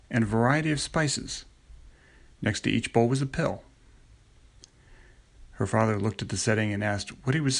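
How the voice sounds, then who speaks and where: Gravelly, husky man reading stories. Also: mid-range voice. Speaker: story contributor.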